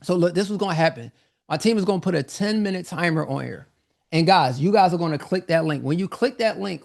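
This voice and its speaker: A man hosting a live online webinar, pitching a business course in an energetic, repetitive, informal style, a little out of breath. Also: gravelly. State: slightly out of breath.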